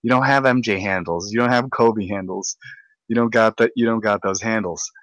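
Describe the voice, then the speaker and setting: A young man with a lowish voice rants at length, tripping over his words and repeating himself as he gets worked up. The sound is very dry and close, with no room around it. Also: normal speed, dry recording, rough recording. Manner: rambling, excitable, repeats words. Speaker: podcast host. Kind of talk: ranting casual chat.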